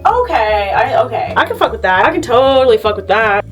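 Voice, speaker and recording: Lively, nervous, foul-mouthed young woman. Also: fairly high pitch, brisk, faint music behind. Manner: nervous, chatty, swears freely. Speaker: beauty vlogger. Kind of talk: casual chat to camera. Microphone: phone camera.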